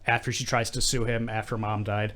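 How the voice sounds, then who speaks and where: A man's voice: fairly low pitch, flat delivery, a little fast, fairly bright tone. A man co-hosting a casual podcast, explaining a film's twists in a loose, hesitant way with ums and restarts. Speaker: podcast co-host. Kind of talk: casual movie-recap chat.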